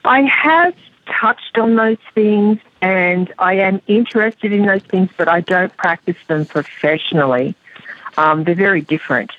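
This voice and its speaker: A woman's voice: mid-range voice, unhurried, no echo. A woman in her fifties with an Australian accent, chatting easily as a guest astrologer and laughing often. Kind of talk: casual interview. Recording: dry, tinny phone line.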